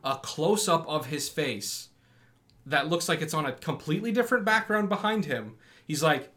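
On a laid-back podcast, this young male co-host tells lively stories, performing the quoted lines and laughing a lot. His voice is on the high side, at a moderate pace.

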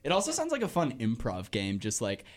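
A man's voice: mid-range voice, fairly quick. Laughing young man telling comedy bits. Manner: animated, laughs often, jumps into silly voices mid-story. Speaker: podcast co-host. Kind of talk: casual comedy chat.

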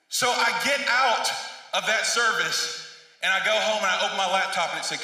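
Male preacher, high sharp voice, storytelling sermon, heard from far off in a big reverberant hall. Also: moderate pace. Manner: storytelling, rising to emphatic shouted peaks. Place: large echoey church hall.

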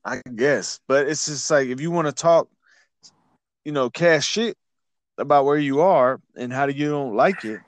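A man's voice: fairly high pitch, measured pace, dry recording. A man co-hosting a podcast, talking bluntly and profanely in casual chat. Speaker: podcast co-host.

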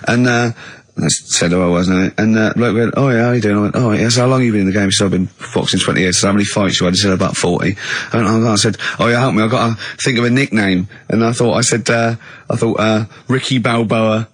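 English radio host in his 40s, a bit husky, rambles and laughs, dry close mic. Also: fairly even intonation, quick pace, no room sound. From England. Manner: bumbling storyteller, breaks into high laughs. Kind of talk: casual radio banter.

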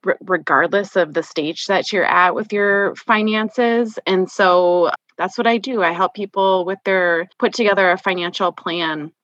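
A woman in her thirties with a Minnesota accent talks candidly as a podcast guest, dropping "like" into her sentences. Her voice sits a little low for a woman but has a bright, forceful edge. The sound is dry and dull, like lo-fi remote audio. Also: fairly even intonation, measured pace, few pauses, no echo. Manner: chatty, candid, frequent "like" fillers. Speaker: guest, financial planner. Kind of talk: casual podcast conversation.

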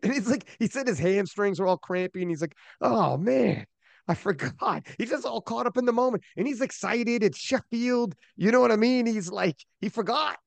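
A man hosting a podcast, telling stories in animated, profane casual chat on a close mic. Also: very high-pitched, a little fast, vocal fry, few pauses, no echo. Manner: animated storyteller, loose and profane. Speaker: podcast host.

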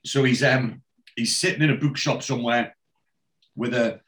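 A man's voice: mid-range voice, fairly even intonation, moderate pace, a bit bright. A man in casual chat, retelling a television episode scene by scene in a rambling way with frequent restarts and swearing.

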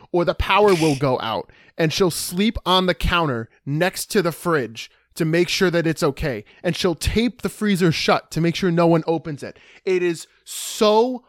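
A man co-hosting a podcast in casual chat, telling a story with animated, exaggerated dismay. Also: fairly high pitch, dry recording, studio quality. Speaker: podcast co-host.

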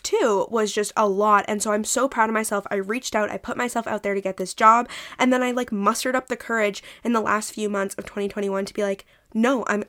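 A woman's voice: on the high side, a bit bright. A woman in her twenties hosting her own podcast, talking candidly and chattily in a casual solo monologue, swearing now and then. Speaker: podcast host.

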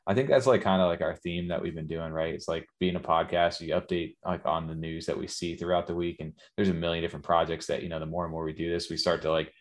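Man, very low voice, flat and even delivery, tired, laid-back slangy podcast co-host. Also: quick pace, hardly any pauses. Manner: laid-back slangy talk, frequent "yo" and "dude". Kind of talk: casual late-night podcast chat.

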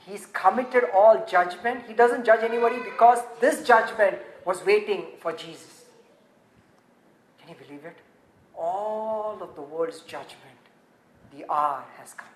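A woman preaching a sermon from scripture, animated, repeating phrases and asking rhetorical questions, swinging from emphatic peaks down to hushed low passages. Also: measured pace, pauses often. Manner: animated, rising to emphatic peaks, then dropping very low and quiet. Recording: echoey room with faint background noise.

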